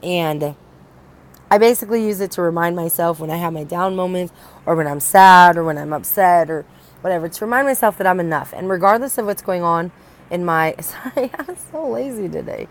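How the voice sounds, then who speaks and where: A woman's voice: lowish voice, a little fast, poor audio. A young woman talking candidly in a personal vlog, rambling and restarting often as she opens up. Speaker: vlogger.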